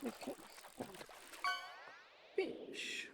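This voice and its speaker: A woman live-streaming at home, murmuring quietly to herself as she builds. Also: drawn-out words, over loud music. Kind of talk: casual live-stream commentary. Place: home room.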